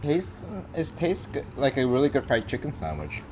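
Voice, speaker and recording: A man's voice: medium pitch, normal speed, background noise. A man co-hosting a casual mukbang chat at home, easygoing and teasing between bites. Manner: teasing, easygoing, relaxed while eating. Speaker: co-host.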